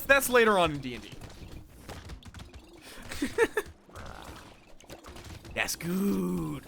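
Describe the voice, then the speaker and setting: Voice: mid-range voice, sharp tone, slight background noise. A streamer in casual live-stream chat while gaming, rambling and cutting themselves off mid-thought as they talk to viewers. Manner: rambling, self-interrupting, chatty with viewers.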